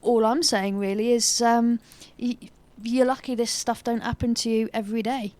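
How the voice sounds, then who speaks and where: A woman's voice: on the high side, flat delivery, moderate pace, darkish tone, no echo. A woman co-hosting a casual livestream chat, talking hesitantly with stumbling restarts. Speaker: co-host.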